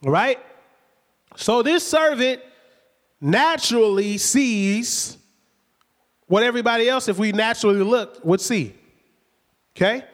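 High-voiced preacher man in a hall. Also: slow, pauses often. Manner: lively, conversational retelling with acted quotes and rhetorical questions. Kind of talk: sermon. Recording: long hall reverb.

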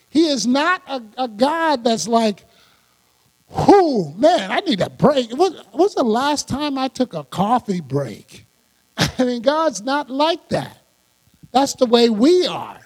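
A man preaching a sermon as pastor, animated and laughing often as he acts out quoted lines. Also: very high-pitched. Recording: long hall reverb.

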